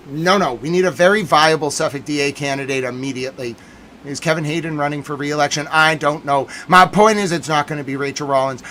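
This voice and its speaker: A man hosts a live stream in a theatrical rant of mock outrage, swinging between shouted lines and muttered asides. His voice is bright and forceful and sits a little high. Faint music plays underneath. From Massachusetts. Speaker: livestream host. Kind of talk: ranting live stream commentary.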